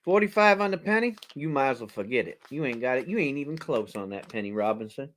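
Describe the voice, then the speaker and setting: A man's voice: medium pitch, fast. A man hosting a casual charity auction video, chatty and exclaiming as he shows coins to viewers. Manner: animated, chatty, exclaims and jokes aloud. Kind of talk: casual show-and-tell video.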